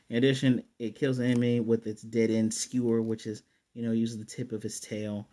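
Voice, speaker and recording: A man's voice: mid-range voice, dark tone. A man recapping and reviewing an anime episode in a casual, rambling way, often mocking what he describes. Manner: sarcastic, mocking, rambling with restarts.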